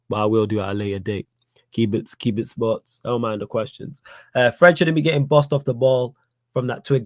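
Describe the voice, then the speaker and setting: A man's voice: lowish voice, darkish tone, dry recording. A young man with a Manchester accent hosting a live fan Q&A stream, blunt and repetitive, getting heated as he argues his points. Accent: Manchester English. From Manchester, England. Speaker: fan channel host.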